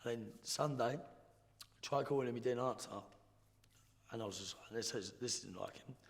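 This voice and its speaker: A young man, telling his life story in a blunt, slangy, halting way as a podcast guest. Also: medium pitch. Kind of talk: casual storytelling. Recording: roomy hall reverb.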